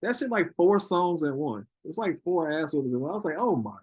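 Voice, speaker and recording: Animated husky man telling stories. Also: fairly quick, dry recording. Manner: animated storyteller, acts out quotes in high voices, laughs a lot. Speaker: interview guest, rapper. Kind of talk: casual chat.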